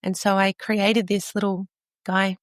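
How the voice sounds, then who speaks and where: A woman's voice: mid-range voice, level tone, unhurried, no echo, studio quality. A middle-aged woman with an Australian accent, a podcast guest telling personal stories in an earnest way, often restarting her sentences. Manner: earnest, storytelling, frequent restarts. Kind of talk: conversational podcast interview.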